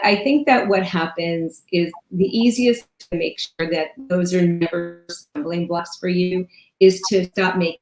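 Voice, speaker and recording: A woman in her fifties, a business strategist giving emphatic coaching advice and listing ideas in quick runs. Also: fairly low pitch. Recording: echoey room.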